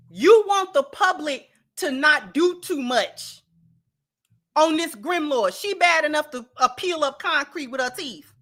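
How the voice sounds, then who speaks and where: A woman hosts a casual commentary show and addresses her viewers directly. She is animated and emphatic and leans on slang. Her voice is very high and bright, with a sharp edge. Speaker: commentary channel host.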